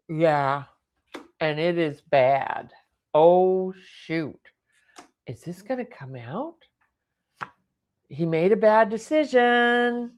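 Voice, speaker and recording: Slow, low-voiced woman reading tarot. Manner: exclaiming, thinking aloud, emotional. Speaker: tarot reader.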